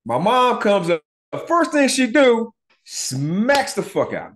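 A man's voice: extremely high pitch, slow pace. A middle-aged man hosting a podcast, telling a personal story in a casual, profane way and acting out the voices of the people in it. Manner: animated, profane, acts out voices in his retelling. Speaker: podcast host.

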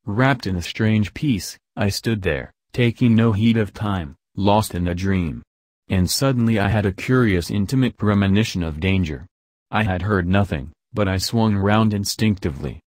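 Audiobook narrator voice: man, lowish pitch, dry close sound, measured pace. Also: a little mellow, dry recording. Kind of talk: scripted narration.

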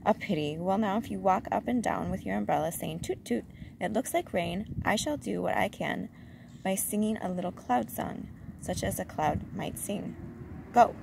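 A woman voicing a gentle, simple-minded male bear in a storybook reading. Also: mid-range voice, moderate pace, gravelly, noisy background. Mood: earnest.

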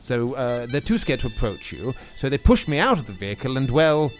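A man's voice: mid-range voice, sing-song, fairly quick, faint music behind, lightly acted. An actor playing a nervous young male drama student who witters on in a put-on posh voice, stammering and hesitating. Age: young adult. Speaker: radio sketch actor.

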